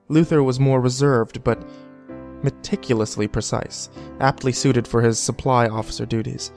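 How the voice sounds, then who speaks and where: A man reading a scripted horror story in a measured, deliberate way. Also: mid-range voice, fairly even intonation, a little mellow. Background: faint background music.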